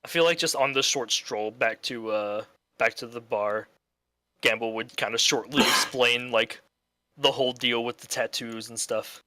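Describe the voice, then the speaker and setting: A man's voice: mid-range voice, normal speed, bright, forceful tone, slight background noise. A man chatting casually as a player in a tabletop role-playing game, rambling with loose fillers. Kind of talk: casual tabletop play chat.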